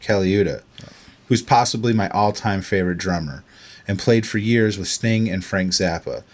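A man's voice: lowish voice, moderate pace. A man with an Australian accent, co-hosting a podcast and reading listener emails aloud, laughing often and stumbling over lines. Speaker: podcast co-host.

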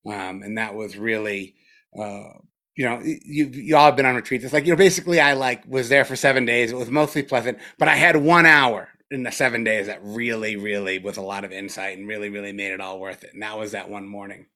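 This dharma talk comes from a middle-aged meditation teacher who is loose, swears freely, leans on lots of fillers, and seems slightly spaced out post-retreat. His voice is mid-range with a fairly bright tone.

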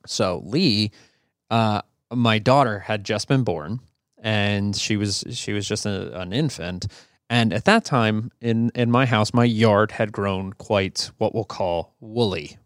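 A man co-hosting a podcast, telling a story in a relaxed, rambling way with a gravelly voice. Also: lowish voice, slow pace, dry recording, clean studio sound. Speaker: podcast co-host. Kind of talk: casual chat, storytelling.

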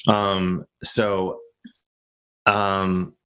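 A man's voice: deep voice, monotone, extremely slow, bright, forceful tone, smooth. A man hosting a podcast, telling rambling stories in casual chat and acting out the quotes. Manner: rambling storytelling with acted-out quotes. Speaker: podcast host.

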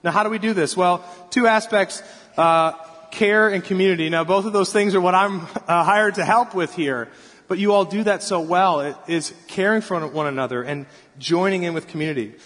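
High-voiced pastor in an echoing hall. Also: male voice, moderate pace. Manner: storytelling, animated, acts out crying kids. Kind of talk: sermon. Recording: long hall reverb.

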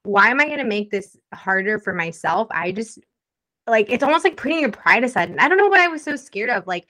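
A young woman co-hosting a relaxed podcast chat. Her voice is bright and forward, and she talks animatedly. She laughs often and acts out little quoted exchanges. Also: on the high side, a little fast. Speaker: podcast co-host. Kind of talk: casual chat.

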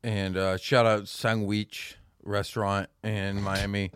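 A man's voice: lowish voice, little pitch movement, slow pace, a bit bright, smooth, no echo, clean studio sound. A young man co-hosting a podcast, easygoing in casual banter. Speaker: podcast co-host.

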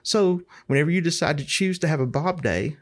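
Middle-aged man, slightly higher pitch, casual rambling storyteller, repeats himself, frequent throat clearing. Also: expressive, brisk.

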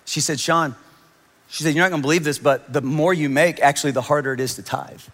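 A man in his thirties preaching a sermon, telling his own story with animated quoted voices. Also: a little high, fast. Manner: animated storytelling, quoting others in raised voices. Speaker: pastor. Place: large church hall. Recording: long hall reverb.

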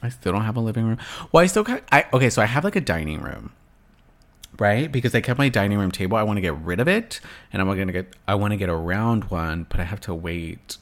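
A man's voice: lowish voice, expressive, fast talker. A young man vlogging in a blunt, sassy rant, swearing freely and talking straight to his viewers. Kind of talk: casual rant to camera.

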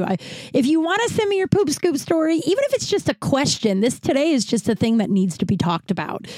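A woman's voice: a little high, darkish tone, dry recording. A woman in her thirties from Colorado hosting a podcast, telling comic stories in a rambling, profane way and laughing often. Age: 30s. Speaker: podcast host. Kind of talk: casual comedic storytelling.

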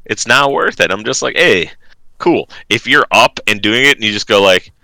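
A man in his thirties rambles on a podcast in a bright, forceful voice, recorded close and dry. He swears casually and plays out his family's lines as he talks. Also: lowish voice, a little fast, gravelly, no echo. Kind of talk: casual chat.

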